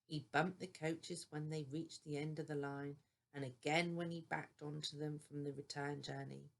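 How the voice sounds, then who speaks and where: Low gravelly older woman reading a bedtime story. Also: little pitch movement, normal speed.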